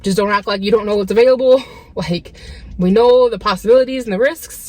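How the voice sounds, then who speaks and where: Young female vlogger, exasperated rant, lively swooping pitch, mid-range voice, phone in a parked car. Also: brisk. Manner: animated, exasperated ranting, mocking quoted voices. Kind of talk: casual ranting vlog.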